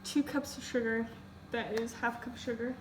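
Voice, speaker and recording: A woman's voice: on the high side, normal speed. A young woman vlogging casually while cooking in her home kitchen, rambling and poking fun at herself. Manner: chatty, rambling, self-deprecating, many "like"s. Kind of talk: casual cooking vlog chat. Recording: home video with steady background noise.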